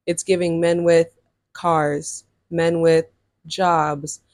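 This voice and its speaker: A woman in her early twenties speaks extremely slowly in a fairly low voice as she shares a casual storytime with her vlog viewers. She is chatty and animated, using lots of fillers. The recording is dry, with clean studio sound.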